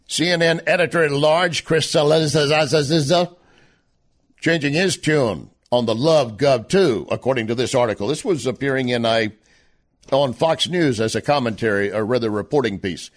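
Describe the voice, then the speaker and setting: A man hosting a political talk show, delivering a sarcastic monologue full of rhetorical questions. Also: mid-range voice. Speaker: radio talk show host.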